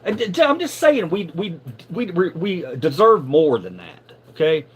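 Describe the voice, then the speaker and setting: A middle-aged man on a live stream telling a story casually, animated and profane, stumbling over repeated words when riled up. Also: on the high side, moderate pace.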